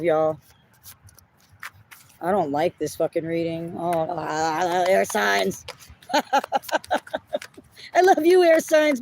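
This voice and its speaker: A woman's voice: fairly low pitch, a little mellow, slight background noise. A woman giving a collective tarot reading in casual talk, blunt and often apologizing, swearing when she gets upset. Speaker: tarot reader.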